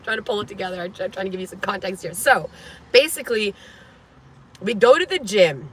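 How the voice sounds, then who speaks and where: A woman's voice: medium pitch, animated, fairly quick, husky, low-quality recording. A woman vlogging in a casual, rambling way, telling a story to camera from inside her van, full of "like" and restarts.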